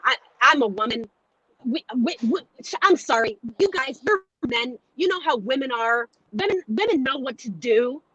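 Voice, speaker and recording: A woman with a high, bright voice ranting bluntly and profanely in a casual live chat. She sounds jittery and fired up, and she swears freely. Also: animated, normal speed, husky, no room sound, lo-fi sound. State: jittery from coffee. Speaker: call-in panelist. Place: on the move, heading home.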